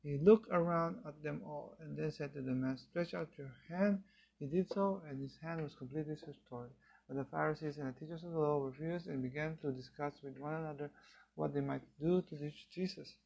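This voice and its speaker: A man reading Bible passages aloud in a steady, unhurried way, now and then stumbling and restarting a phrase. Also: on the high side, vocal fry, slight background noise, poor audio. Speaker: Bible reader.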